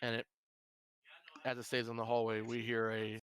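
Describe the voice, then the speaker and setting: A man's voice: medium pitch, completely flat delivery, moderate pace, a bit bright, low-quality recording. A man narrating a tabletop game as game master, rambling with many fillers.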